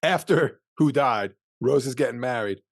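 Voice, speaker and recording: A man's voice: mid-range voice, normal speed, creaky, no room sound, studio quality. A male podcast co-host chatting casually about a film and slipping into quoted voices. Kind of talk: casual movie recap chat.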